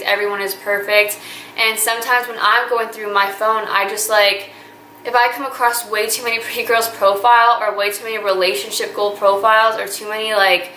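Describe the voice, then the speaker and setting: Chatty woman in her twenties, bright. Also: fairly high pitch. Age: 20s. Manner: chatty and earnest, gushing with fillers. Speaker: vlogger. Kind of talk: casual talking-to-camera vlog. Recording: echoey room with faint ambient noise.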